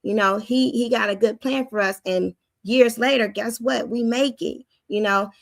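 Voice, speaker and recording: Woman teaching, high youthful voice, gravelly edge, dry close sound, preacherly and informal. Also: normal speed, no room sound. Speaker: faith teacher. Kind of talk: spoken teaching.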